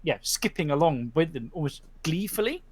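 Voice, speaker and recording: A man's voice: a little high, moderate pace, husky. A man narrating a tabletop game as game master, rambling and full of fillers. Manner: rambling, animated, many fillers.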